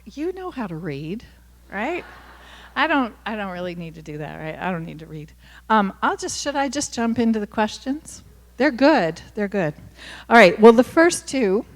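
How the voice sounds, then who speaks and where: A woman in her sixties from Kentucky, with a softened Appalachian accent, gives a candid, chatty talk to an audience at a university, full of self-deprecating asides, fillers and restarts. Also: on the high side. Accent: Appalachian Kentucky, softened toward neutral. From Kentucky, USA. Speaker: author giving a talk. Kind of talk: casual talk with audience questions. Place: university lecture hall. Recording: hall with long reverb.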